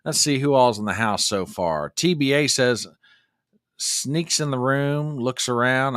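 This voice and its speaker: A man's voice: medium pitch, a little slow, no room sound, studio quality. A man hosting a casual livestream, folksy and talkative, reading viewer comments aloud. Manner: folksy, animated, reads chat comments aloud. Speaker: livestream host.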